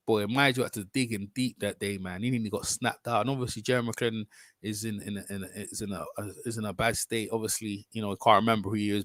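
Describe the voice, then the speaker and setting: A man's voice: lowish voice, fairly bright tone, no echo. Chatty male boxing live-streamer, dry sound. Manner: rambling, chatty, talks to viewers, self-corrections. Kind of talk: casual live-stream commentary.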